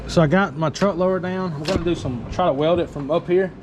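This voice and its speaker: A man's voice: fairly high pitch, fast talker, noisy background. Easygoing man in his shop. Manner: rambling, easygoing, self-deprecating. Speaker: DIY truck builder. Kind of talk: casual shop vlog narration. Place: workshop garage.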